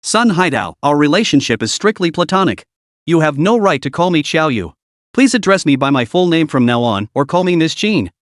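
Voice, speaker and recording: A man's voice: fairly high pitch, very animated, moderate pace, no echo, clean studio sound. A man voicing a poised, cold young woman executive, polite but firm, in a story recap.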